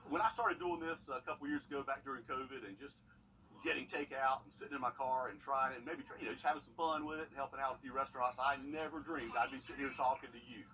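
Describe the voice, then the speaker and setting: A man's voice: mid-range voice, fast talker, distant mic. A man, a food vlogger chatting playfully and with enthusiasm in an interview. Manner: playful, lively, laughs often. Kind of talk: casual enthusiastic chat.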